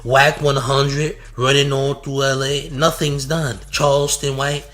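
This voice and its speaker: A man's voice: mid-range voice, level tone, measured pace, fairly bright tone. A man hosting a streamed commentary show, speaking in a mocking, trash-talking way.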